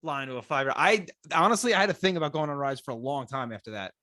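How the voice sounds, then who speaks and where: A young man co-hosting a podcast, telling jokey stories in casual chat with playful, animated delivery. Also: a little high, racing, no room sound, studio quality. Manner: animated storyteller, playful put-on voices. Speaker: podcast co-host.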